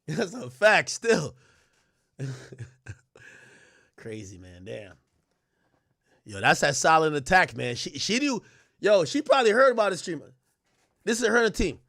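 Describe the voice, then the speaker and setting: A man streaming live, telling stories loudly and animatedly, acting out quotes and laughing often. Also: sits high, sing-song, measured pace, gravelly, pauses often. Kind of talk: livestream commentary.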